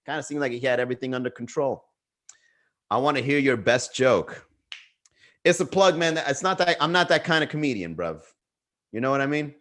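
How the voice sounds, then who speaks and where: A man's voice: medium pitch, lively intonation, a little fast, long pauses, a bit bright. A young man hosting a comedy livestream, riffing casually to the chat, swearing and laughing at his own jokes. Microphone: webcam livestream.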